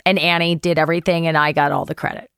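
A woman actress telling a story as a guest in a chat interview, animated, acting out the voices of people she quotes and swearing casually. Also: deep voice, quick pace, very noisy.

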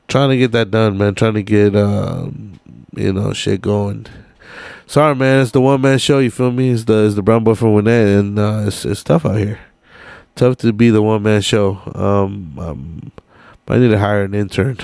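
A sleepy man in his late twenties rambles through his solo podcast in relaxed, profane slang, full of fillers. His voice sits fairly low and comes across smooth and clean. The sound is dry and close to the mic. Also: dry recording. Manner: laid-back, profane street slang with many fillers. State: sleepy and tired late at night. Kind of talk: casual rambling podcast chat.

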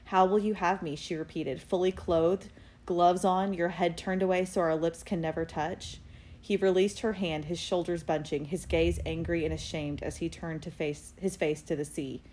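A woman co-hosting a casual book podcast, reading passages aloud and getting excited about them. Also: fairly low pitch, normal speed, slight background noise. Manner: excitable, reads passages aloud, squeals and laughs. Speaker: podcast co-host. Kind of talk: casual book club chat.

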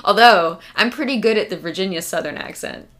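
Animated woman cohost telling stories, laughs lots, bright voice. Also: medium pitch, a little fast. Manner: animated storyteller, laughs often. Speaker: podcast co-host. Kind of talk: casual chat.

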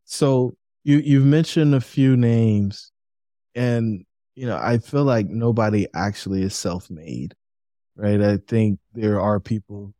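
Low, mellow-voiced male host. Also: takes it slowly, dry recording, clean studio sound. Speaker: podcast host. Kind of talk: interview questions.

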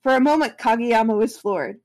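A woman's voice: fairly high pitch, normal speed, a little mellow. Woman casually reading fan fiction aloud. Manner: casual, with restarts and asides while reading.

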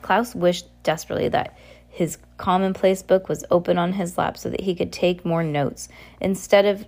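A woman narrating a novel aloud in a steady amateur reading, with frequent slips and restarts. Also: lowish voice, normal speed. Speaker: audiobook reader.

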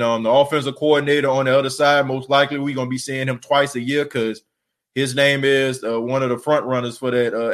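A man's voice: mid-range voice, fairly bright tone. A man hosting a sports podcast, ranting emphatically with repeated rhetorical questions and casual slang, tired after an overnight shift. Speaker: podcast host. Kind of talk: fired-up solo sports podcast rant.

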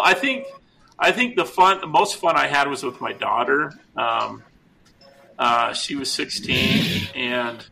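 Middle-aged male podcast co-host, rambling and jokey, bright and gravelly. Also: mid-range voice, slight background noise, poor audio. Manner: rambling, self-interrupting, jokey. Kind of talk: casual storytelling chat.

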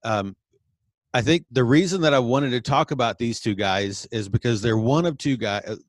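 A man co-hosting a casual talk show, speaking in a relaxed, hesitant way with many fillers. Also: mid-range voice, moderate pace, no room sound, clean studio sound. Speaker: podcast co-host. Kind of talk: casual conversation about preaching.

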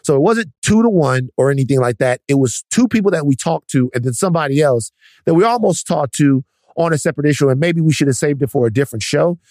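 A man's voice: on the high side, animated, fast talker, a little mellow, no room sound, studio quality. A man co-hosting a podcast, blunt and emphatic, swearing freely. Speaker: podcast co-host. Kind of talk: casual podcast discussion.

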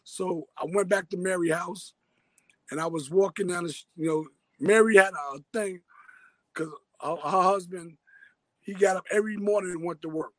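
A man's voice: high-pitched, moderate pace, no echo, rough recording. A man from Harlem with a New York accent, telling a story in loose street slang as an interviewee. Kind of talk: casual storytelling.

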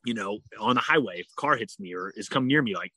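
Lively man telling a story, dry close sound. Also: fairly low pitch, quick pace, breathy edge, no echo. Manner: animated, heavy use of "like", acts out quoted dialogue. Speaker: guest. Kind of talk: casual storytelling.

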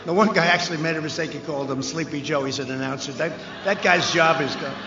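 A man giving a rambling, off-the-cuff rally speech, repeating himself, with mocking asides and shouted lines. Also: fairly high pitch, fast, a little hiss or hum. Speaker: political candidate speaking at a rally. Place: large rally venue. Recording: echoey, lo-fi rally sound with long reverb.

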